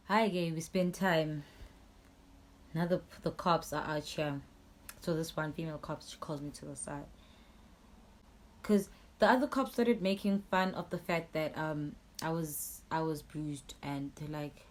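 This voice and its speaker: A young woman with a Swazi accent, telling a storytime vlog in an angry, animated way, swearing and switching languages. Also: deep voice, unhurried. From Eswatini. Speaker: YouTuber.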